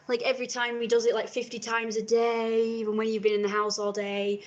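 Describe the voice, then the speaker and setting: A woman's voice: medium pitch, little pitch movement, fairly quick, few pauses, highs cut off. A young woman chatting casually on a home live stream, rambling and acting out little scenes with sudden squeals. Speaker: vlogger. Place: at home indoors. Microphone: camera mic.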